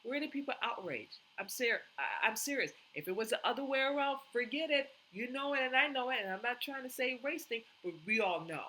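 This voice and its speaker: A woman's voice: a little high, lively intonation, brisk, hardly any pauses, bright, forceful tone, a little hiss or hum, poor audio. Indignant woman ranting to camera. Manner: indignant, emphatic, repeats herself. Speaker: commentary vlogger. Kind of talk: opinionated reaction commentary.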